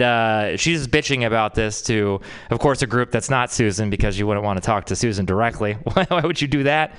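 A man's voice: mid-range voice, pushed and bright, clean tone. A man doing a stand-up comedy set at a live open mic, ranting in a profane, sardonic way into a handheld mic.

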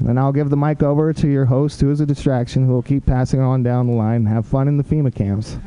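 A comedian man handing the mic back with a deadpan sign-off. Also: medium pitch, quick pace. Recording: noisy, distant mic.

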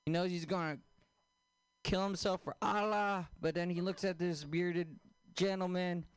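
Slow-talking high-voiced man doing stand-up. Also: clean tone. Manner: deadpan, crude punchlines, asks the audience questions. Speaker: stand-up comedian. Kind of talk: stand-up comedy set.

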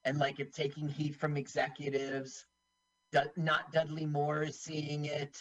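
A man co-hosting a casual watch-along chat, playful and joking, with a husky voice. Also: a little high, monotone, unhurried, a bit bright, highs cut off. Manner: playful, doing silly put-on voices. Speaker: podcast co-host.

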